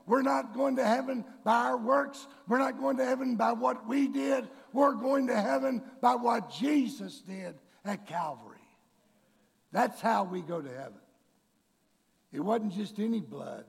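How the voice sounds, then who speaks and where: A man preaching a sermon to his congregation, bursting into shouted, drawn-out emphasis and calling them folks and church. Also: high-pitched, creaky, breathy edge. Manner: addresses the congregation directly. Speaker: pastor. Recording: long reverb of a large hall.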